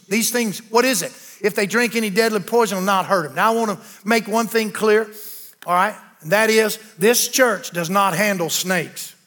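An older man preaching a sermon, animated and calling out to the congregation for responses. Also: high voice. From American South. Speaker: pastor.

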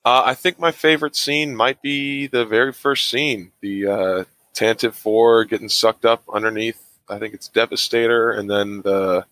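A man's voice: fairly low pitch, moderate pace, few pauses, sharp tone, dry recording. A man guesting on a podcast in casual chat, knowledgeable and precise with details.

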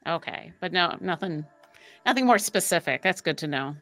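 A woman's voice: lowish voice, lively intonation, moderate pace, a bit bright, soft background music. A woman playing a tabletop game, chatty and thinking aloud. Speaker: player. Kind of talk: casual tabletop play.

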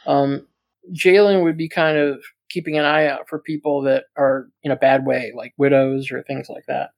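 A man's voice: medium pitch, little pitch movement, moderate pace, creaky, no echo. A man playing in a tabletop game who speaks briefly and matter-of-factly. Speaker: player.

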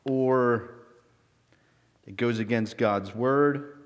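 A man's voice: mid-range voice, very slow, long reverb tail. A man giving a children's object lesson, quizzing the kids in a friendly, teacherly way.

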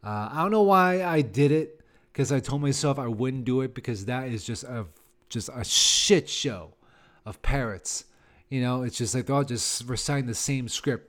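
A man's voice: mid-range voice, moderate pace, fairly bright tone. A man in his thirties, a comedian hosting a podcast, ranting in a casual, rambling, sarcastic way. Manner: rambling and sarcastic, with many fillers and laughs. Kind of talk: casual solo podcast rant.

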